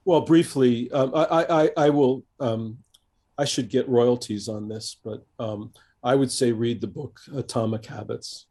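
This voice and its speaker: A seasoned coach, an older American man, is a guest in a conversational interview, speaking in a warm, mellow, steady voice of medium pitch. He reflects as he talks, often pausing on fillers and restarting his sentences.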